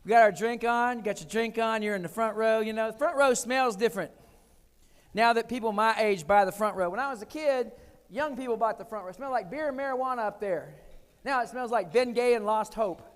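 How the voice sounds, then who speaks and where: A man in his forties giving a keynote talk, telling comic, animated stories with sudden loud punchlines. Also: high voice, fairly quick. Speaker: keynote speaker. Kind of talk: storytelling keynote speech. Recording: long hall reverb.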